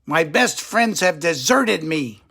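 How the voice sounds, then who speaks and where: A man's voice: on the high side, expressive, slow, gravelly, sharp tone, husky, full character voice. An older man voicing a hot-tempered, indignant squirrel in a storybook read-aloud. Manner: grumpy, indignant.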